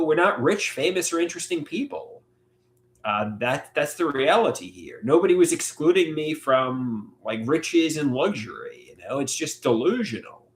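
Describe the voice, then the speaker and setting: A man hosting a live solo stream, talking in a halting, reflective way with many filler words. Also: fairly high pitch, a bit bright. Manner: halting, reflective, frequent "you know" fillers. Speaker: livestream host. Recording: echoey room.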